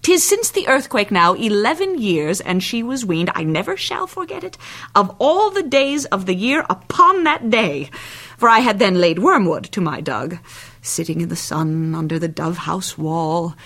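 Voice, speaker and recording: A woman's voice: medium pitch, sing-song, moderate pace, a bit bright. An actress playing a chattering, bawdy old female nurse who rambles on and laughs at her own jokes in a Shakespeare reading. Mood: rambling. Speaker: actor.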